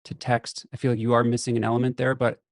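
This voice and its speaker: A man's voice: mid-range voice, monotone, quick pace, no room sound, studio quality. A man hosting a podcast, asking long searching questions and backing the guest with frequent "mm-hmm"s. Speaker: podcast host. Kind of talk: casual podcast interview.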